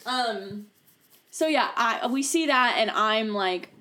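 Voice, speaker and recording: A woman's voice: fairly high pitch, expressive, slow, bright, forceful tone. Chatty young woman telling a story. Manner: chatty, lots of fillers and swearing. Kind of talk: casual storytelling among friends.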